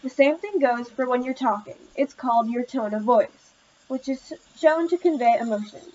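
A woman's voice: sits high, moderate pace, mellow, a little hiss or hum, close to an everyday voice. A woman reading as a patient, kind tutor. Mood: encouraging. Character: patient encouraging woman tutor teaching speech. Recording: slightly muffled lo-fi recording.

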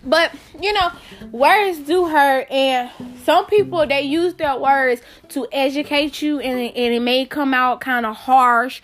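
Give me a high-voiced young woman host talking to her listeners in a chatty, emphatic way. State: out of breath. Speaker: podcast host. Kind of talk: casual solo podcast monologue.

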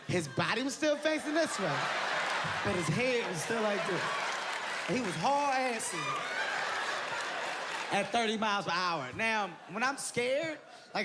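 A man doing stand-up comedy, telling an animated story and acting out voices, laughing as he goes. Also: high-pitched. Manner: excitable, animated, breaks into laughter, acts out voices. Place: large venue with live audience. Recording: live show with loud crowd noise.

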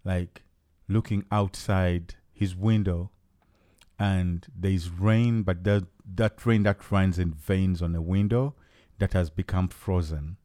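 A man's voice: sits low, fairly even intonation, takes it slowly, warm tone, no echo, studio quality. Ugandan man hosting a joking podcast chat. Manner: playful, joking questions. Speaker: podcast host. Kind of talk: casual chat.

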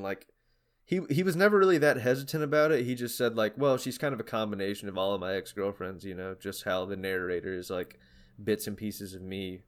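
Young male podcast co-host, low-pitched, rambling and filler-heavy, relaxed casual chat. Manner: rambling, many fillers and restarts. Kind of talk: casual chat about music.

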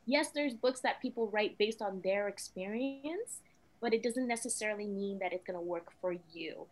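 A young woman from West Africa, a mother talking as a guest in a casual, expressive interview. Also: medium pitch, normal speed, rough recording. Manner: animated and expressive, with frequent "you know what I mean".

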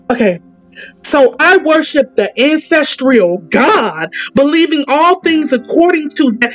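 A high-voiced woman leads a Bible study like a sermon. She reads scripture aloud, then breaks off excitedly to preach and call out to her listeners. Faint music plays behind her. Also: low-quality recording. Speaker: podcast host leading Bible study.

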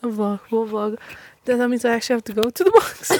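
A woman's voice: fairly high pitch, expressive, brisk, darkish tone, slight background noise. Young woman podcast host, laughing and swearing. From Texas. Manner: laughs a lot, swears casually. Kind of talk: casual chat with a friend, reading listener stories.

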